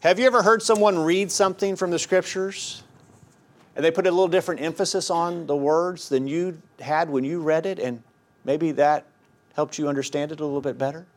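A man's voice: fairly high pitch, steady tone, a little fast. A middle-aged man preaching a sermon in an earnest, emphatic way, often repeating his key phrases.

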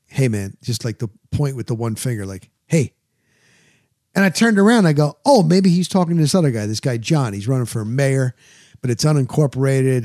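A man's voice: medium pitch, dry recording, clean studio sound. A male radio host telling a casual bar story, acting out the quoted voices of the people in it. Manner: animated, acts out quoted voices.

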